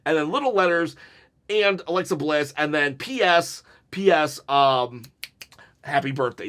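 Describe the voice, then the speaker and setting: A man with a fairly high voice chatters through a wrestling review. He is jittery from caffeine and rambles with jokey asides and bursts of laughter. The talk is loose and excitable, never scripted. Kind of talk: casual solo review talk.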